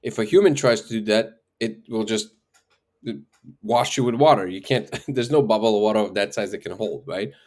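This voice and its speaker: A man being interviewed as a guest researcher, explaining ideas in casual conversation. He thinks aloud, restarts his sentences and often checks in with "right?". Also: lowish voice.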